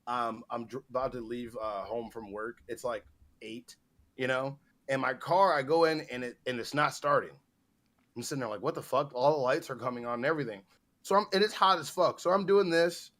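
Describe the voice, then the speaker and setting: A man's voice: mid-range voice, a little fast, fairly bright tone. A man with a mid-range voice chats on a casual podcast. He rambles through his stories, loose and profane. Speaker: podcast co-host. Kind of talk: casual chat.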